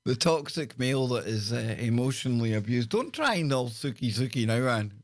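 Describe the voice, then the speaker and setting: A jokey Scottish man hosting a call-in radio show, his voice dry and close with hardly any room around it. He sits at a middle pitch and keeps a playful, bantering tone as he greets listeners one by one. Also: animated, fairly quick, no room sound. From Scotland. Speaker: radio talk show host.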